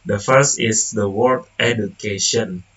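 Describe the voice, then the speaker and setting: A young man, a student whose first language is Indonesian, reading a class presentation haltingly, with restarts and self-corrections. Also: on the low side, a bit bright, distant mic, muffled recording. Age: young adult.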